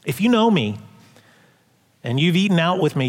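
A man preaching a sermon as pastor, animated, acting out quoted voices loudly and dropping to quiet asides. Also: fairly high pitch, moderate pace. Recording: long hall reverb.

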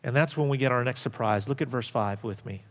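A middle-aged man preaching a sermon as pastor, telling stories and swinging from loud emphasis to hushed asides. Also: medium pitch, a little fast, big-room sound.

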